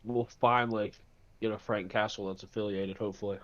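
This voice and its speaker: Low-voiced man on a dull lo-fi mic. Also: steady tone, fairly quick, a bit bright. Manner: brief interjections, correcting details. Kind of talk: casual podcast chat.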